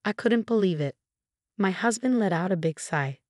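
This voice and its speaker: A woman in her twenties giving a scripted first-person story narration, read in a steady, even way. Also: mid-range voice, normal speed, no echo, clean studio sound. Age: 20s.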